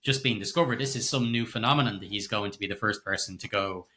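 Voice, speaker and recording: Bright-voiced middle-aged man chatting films. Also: fairly low pitch, fast, slight background noise. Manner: chatty, laughs often, swears casually. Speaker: podcast co-host. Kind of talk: casual film review chat.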